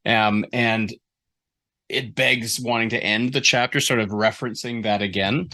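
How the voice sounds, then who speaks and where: A man's voice: lowish voice, steady tone, unhurried, sharp tone. A man giving a writer feedback on a story chapter in a casual call, rambling and restarting his sentences as he thinks aloud. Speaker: writing mentor giving feedback. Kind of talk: casual critique session.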